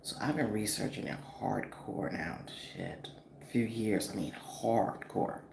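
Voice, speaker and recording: A woman in her forties from the northeastern US telling a story in a casual, animated, profane vlog style, full of fillers. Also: a bass voice, unhurried, gravelly. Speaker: vlogger. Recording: echoey room with faint noise.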